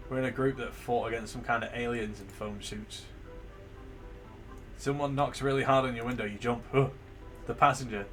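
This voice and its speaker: A man's voice: medium pitch, fairly bright tone. Man reading a game aloud with jokes. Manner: reads narration aloud with joking asides and laughter. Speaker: game streamer. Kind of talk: live-streamed game reading and commentary.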